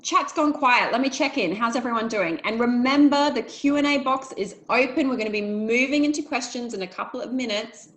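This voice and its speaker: A woman's voice: a little high, fairly quick, hardly any pauses, a bit bright, poor audio. Chatty woman coaching a webinar. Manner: chatty and encouraging, acts out quoted dialogue. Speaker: life coach hosting a webinar. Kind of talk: casual coaching talk to an online audience. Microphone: video call.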